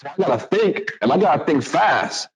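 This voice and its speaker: Brief: man, storyteller at a talk, animated, acts out voices. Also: on the high side, moderate pace, husky, poor audio. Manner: animated, acts out other voices, restarts a lot. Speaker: public speaker telling a personal story.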